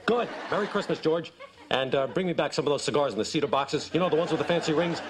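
A big, blustery older baseball boss who rambles from one thought to the next, put on by a man. He talks quickly in a raised pitch. The sitcom clip carries a steady wash of ambient noise. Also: lightly acted. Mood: rambling. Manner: rambling, blustery, drifts off topic. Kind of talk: sitcom acting.

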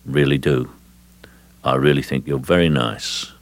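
A man putting on a flat, icy Cockney gangster. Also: a bass voice, no room sound, pitched below the performer's own voice. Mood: cold menace. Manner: drawn-out, flat, emotionless delivery. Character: cold, flat-voiced male Cockney gangster, menacing.

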